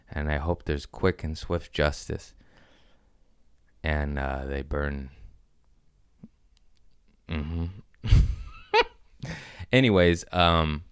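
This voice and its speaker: A man's voice: very deep voice, clear, resonant tone, dry recording, studio quality. A man hosting a podcast in casual chat, rambling and profane, acting out what people said. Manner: profane, rambling, quotes people in animated voices. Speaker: podcast host.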